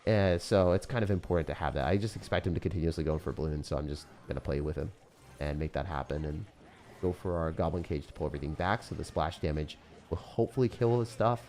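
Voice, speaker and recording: A man's voice: rumbling low, darkish tone. A young man giving live play-by-play commentary on his own game, explaining each move to his viewers. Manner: fast strategic play-by-play, addressing viewers as guys. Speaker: gaming YouTuber.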